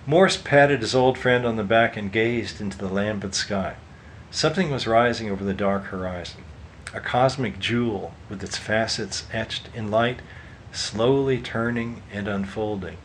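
A man reading a story aloud in a steady, measured way. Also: on the low side, a little hiss or hum, rough recording. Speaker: narrator. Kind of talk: audiobook narration.

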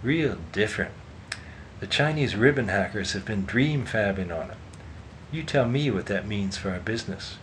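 A man voicing a smug businessman who talks in a low, clipped, dismissive way. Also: lively intonation, normal speed, fairly bright tone, a little hiss or hum.

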